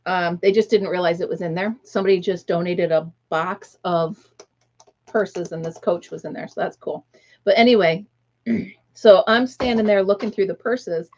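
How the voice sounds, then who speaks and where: A chatty middle-aged woman hosts a relaxed livestream from home, laughing often and greeting viewers by name. Her voice sits at an ordinary pitch, and the audio is a little dull and lo-fi. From United States. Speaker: livestream host. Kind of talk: casual chat.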